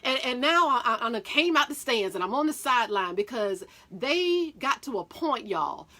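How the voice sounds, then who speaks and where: A middle-aged woman tells her viewers a story, addressing them warmly as y'all. Her voice sits high and sounds bright and forceful. She talks in an animated livestream style. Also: normal speed. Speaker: mom telling a story to viewers.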